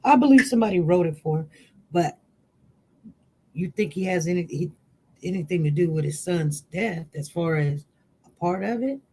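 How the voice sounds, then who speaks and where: High-voiced man hosting, mellow tone. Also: lively intonation, moderate pace, pauses often, breathy edge, low-quality recording. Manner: short prompts and questions. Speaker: host. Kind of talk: casual interview chat.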